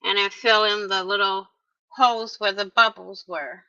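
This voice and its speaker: Bright-voiced woman chatting through a craft tutorial. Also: mid-range voice, fairly even intonation, normal speed. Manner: chatty, talks to viewers directly, playful little exclamations. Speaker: craft vlogger. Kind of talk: casual crafting tutorial narration. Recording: dull lo-fi recording.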